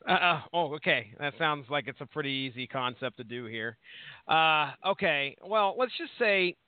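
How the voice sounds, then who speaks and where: A high-pitched man in his thirties, talking in a loose, rambling way and cursing often. He comes through a thin, phone-like line with no room sound at all. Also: expressive, normal speed, no room sound. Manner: rambling, swears freely. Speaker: podcast co-host. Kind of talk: casual profane chat. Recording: tinny phone-like line, dry.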